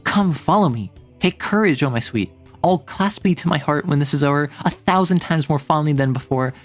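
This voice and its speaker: Streamer doing young male rescuer, earnest, urgent, verse, mid-pitched. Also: moderate pace, soft background music, lightly acted. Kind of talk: dramatic reading of a classic play.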